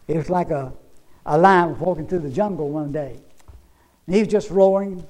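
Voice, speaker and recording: Give me a high-pitched male preacher, emphatic and folksy. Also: measured pace, darkish tone, poor audio. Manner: emphatic, repetitive, folksy storytelling. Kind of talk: sermon.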